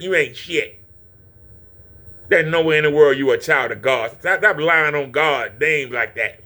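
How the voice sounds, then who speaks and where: A man's voice: medium pitch, sharp tone. A man hosting a reaction video, ranting profanely with taunts and insults at someone in a clip. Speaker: channel host reacting to a clip.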